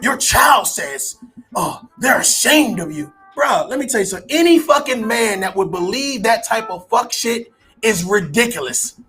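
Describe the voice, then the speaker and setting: High bright husky guy going off on a rant, cussing, music faint underneath. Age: adult parent. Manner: profane, incredulous, shouting bursts. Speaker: online commentator. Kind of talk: ranting to a live audience.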